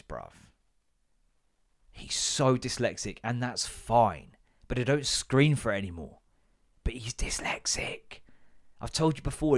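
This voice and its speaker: A man hosting a podcast, telling a story as an animated, exasperated comedic rant and swearing freely. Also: mid-range voice. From Britain. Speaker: podcast host.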